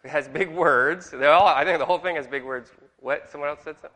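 Man, Bible class teacher, jokey, quizzes the class, bright voice, long reverb. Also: a little high, fast. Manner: jokey, asks the class questions.

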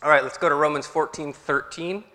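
A man preaching to his congregation in a relaxed, conversational way, often asking them questions. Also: on the high side, brisk, long reverb tail. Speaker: pastor. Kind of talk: sermon. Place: church hall.

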